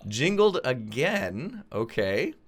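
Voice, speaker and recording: A man's voice: medium pitch, sing-song, slow. A young man with a cold, his voice in and out, hosting casual gameplay commentary in an upbeat, chatty way with frequent laughs. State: has a cold, voice in and out. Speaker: gaming video host.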